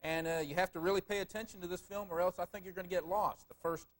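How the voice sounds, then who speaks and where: Upbeat man co-hosting a live TV film show, fast, slightly high voice, laughs a lot. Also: steady tone. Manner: quick, jokey, laughs often. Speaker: co-host of a film review show. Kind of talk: casual live TV chat.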